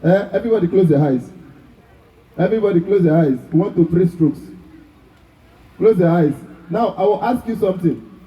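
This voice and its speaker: The drum instructor, who has a Nigerian accent, speaks in a high-sitting voice at a moderate pace, leaving long pauses as he teaches a live festival workshop. He constantly checks whether the class is with him. The audio is muffled, echoey, and captured from a distance in the large room.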